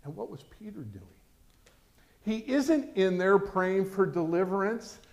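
A man preaching a sermon as pastor, animated and acting out quoted voices. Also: high-pitched, measured pace.

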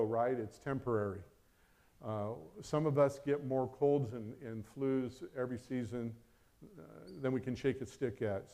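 Delivering a sermon, a middle-aged male pastor alternates between urgent questions at high volume and hushed, low asides.

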